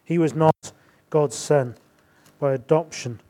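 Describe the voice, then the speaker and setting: A middle-aged man preaching a sermon, rising to emphatic bursts and dropping to quiet asides. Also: fairly high pitch, slow pace.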